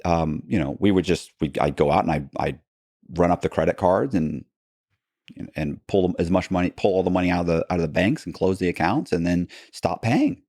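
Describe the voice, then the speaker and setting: Low-voiced man telling a story, dry studio sound. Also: no echo. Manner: animated, fast retelling with many restarts and "bro". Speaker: podcast guest. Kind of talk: casual anecdotal storytelling.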